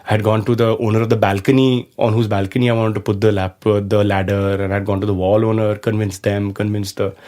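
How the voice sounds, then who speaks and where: Indian guy talking fast in an interview, animated, slips in some hindi. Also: on the low side. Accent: Indian English. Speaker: guest artist. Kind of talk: casual interview storytelling.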